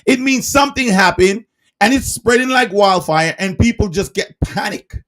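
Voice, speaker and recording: A man preaching in a livestreamed sermon, emphatic and firing rhetorical questions, sometimes shouting. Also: high-pitched, expressive, normal speed.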